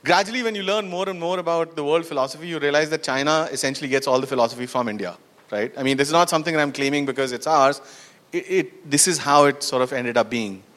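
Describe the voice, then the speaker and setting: A man's voice: a little high, fast talker, fairly bright tone. A man giving a storytelling talk to an audience, asking them questions and dropping in frequent "you know" and "right". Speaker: conference speaker. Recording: long hall reverb.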